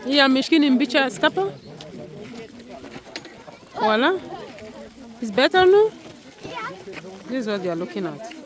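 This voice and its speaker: Mom cheering her little ones on at the zoo, high bouncy voice, unhurried, crowd chatter behind. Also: sing-song. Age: adult parent. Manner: cheering and encouraging her kids. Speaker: mother filming her children. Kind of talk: casual family vlog. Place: outdoor zoo with a crowd around.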